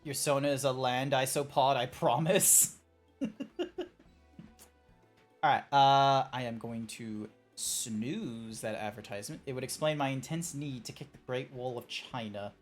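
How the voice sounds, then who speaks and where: A man's voice: mid-range voice, fairly even intonation, a little slow, soft background music. A man streaming a game, chatting casually and rambling through joking tangents. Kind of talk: casual live-stream chat.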